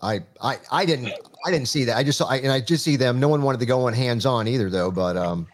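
Halting, friendly talk-show host man. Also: mid-range voice, a little hiss or hum. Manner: friendly, halting, repeats words. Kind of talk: hosting a live panel chat.

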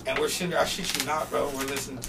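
A young man from North Portland, Oregon, guesting on a podcast and telling profane, animated stories full of acted-out quotes. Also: fairly high pitch, very fast, creaky, music in the background. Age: young adult. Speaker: guest rapper. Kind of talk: casual storytelling interview. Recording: distant mic with noisy background.

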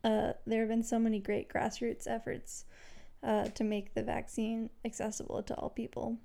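A woman's voice: fairly high pitch, flat delivery, vocal fry, warm tone. A woman co-hosting a podcast, speaking frankly and pushing back in casual chat. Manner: frank, quick to push back. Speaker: podcast co-host.

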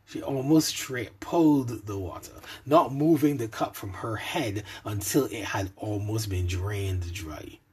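A man narrating an adult story in a soft, intimate way, sometimes dropping to a whisper. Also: on the low side, a little slow, few pauses, husky.

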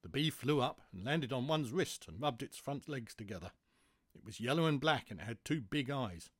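A man narrating a children's story in a gentle, even way. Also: medium pitch, moderate pace, slightly rough, no room sound, studio quality.

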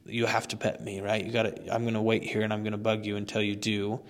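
A man's voice: lowish voice, monotone, fast, close to an everyday voice. A man voicing a pushy, entitled young dog. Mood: demanding.

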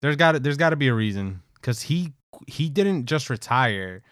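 A man's voice: medium pitch, animated, normal speed, fairly bright tone, no room sound, studio quality. A man co-hosting a podcast, talking casually in a rambling way with many "like"s and hedges. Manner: rambling, hedging with fillers. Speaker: podcast co-host. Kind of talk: casual chat.

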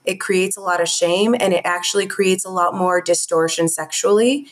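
A woman's voice: lowish voice, steady tone, moderate pace. A woman talking earnestly and from the heart as a guest in a podcast interview. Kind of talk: conversational interview talk.

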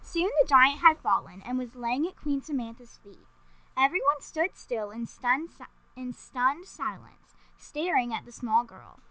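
Bright-voiced woman reading a story. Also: sits high, lively intonation, unhurried, no echo, low-quality recording. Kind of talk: reading a children's story aloud.

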